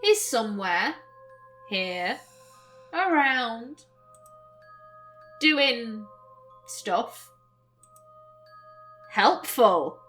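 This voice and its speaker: A woman's voice: on the high side, very animated, drawn-out words, pauses often, pushed and bright, faint music behind, full character voice. A woman voicing a small, playful female vampire girl with a Northern English accent, teasing and offhand.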